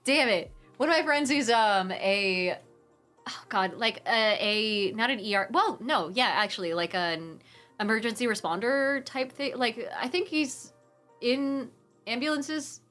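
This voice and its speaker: A young woman from the Pacific Northwest with a mid-range voice chats casually on a live stream, reading viewer comments aloud. She's animated, swears freely, laughs often, and rambles with restarts.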